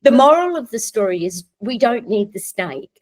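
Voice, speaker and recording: A woman's voice: fairly high pitch, sing-song, normal speed, darkish tone, low-quality recording. A middle-aged Australian woman, a psychiatrist guest, chatting in an interview and telling stories with frequent laughs and restarts. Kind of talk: casual conversational interview.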